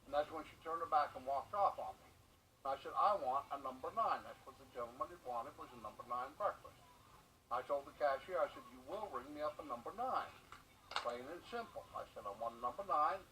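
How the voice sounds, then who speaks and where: A man being interviewed, recounting a complaint in a halting, repetitive first-person story with frequent fillers. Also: on the high side, expressive, bright, forceful tone, a little hiss or hum, poor audio. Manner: repetitive storytelling, keeps saying "I turned around and I said". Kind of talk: conversational first-person account.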